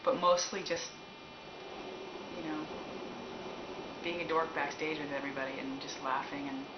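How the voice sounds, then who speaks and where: Low-voiced laughing woman, roomy recording. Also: fairly even intonation, normal speed. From Canada. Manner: laughs often, rambling and candid. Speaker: musician answering fan questions. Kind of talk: casual chat. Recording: roomy, dull, noisy recording.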